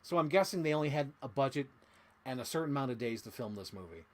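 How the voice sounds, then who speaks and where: A man's voice: medium pitch, fast. A man casually recapping a horror film, acting out quotes and laughing as he goes. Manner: animated retelling with acted-out quotes and laughs. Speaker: host.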